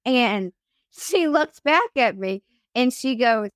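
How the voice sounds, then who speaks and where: A young woman tells a story in a relaxed chat, swearing freely and playing out each quoted line. Her voice is smooth and clear. The sound is close and dry. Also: fairly high pitch, takes it slowly, no room sound. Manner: animated, profane, acts out quotes. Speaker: podcast host telling her story as guest.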